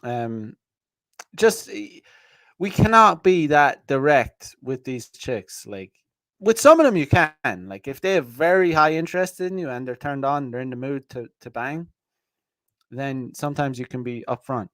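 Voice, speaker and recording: A man's voice: medium pitch, animated, unhurried, fairly bright tone, no echo, studio quality. A man hosting a podcast, talking in a blunt, profane, rambling way with many restarts and fillers. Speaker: podcast host. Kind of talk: casual livestream monologue.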